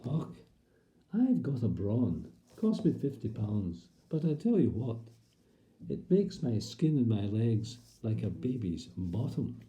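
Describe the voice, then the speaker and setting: Comic lead: a man playing a prim, gossipy older Scottish woman, unhurried and mellow. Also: medium pitch, big pitch swings. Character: chatty older Scottish woman, newly wed and proud. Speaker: comic performer. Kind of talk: comic monologue in character.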